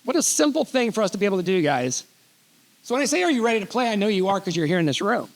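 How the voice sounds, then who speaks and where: Middle-aged guy doing a keynote on stage, high voice, animated storyteller, cracks jokes. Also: rapid-fire. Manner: animated, reads letters aloud, jokey asides. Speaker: keynote speaker. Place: conference hall stage.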